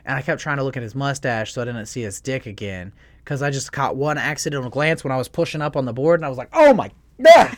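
Male co-host, thirties, mid-pitched, profane storyteller, dry sound. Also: fast talker, no echo. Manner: crude, profane storytelling with big animated swings. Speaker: podcast co-host. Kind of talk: casual chat.

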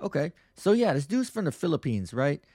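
A man's voice: a little high, very animated, fairly quick, dark tone, no echo, clean studio sound. A man hosting a podcast, telling stories in a crude, rambling way with lots of profane slang. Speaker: podcast host. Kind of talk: casual podcast monologue.

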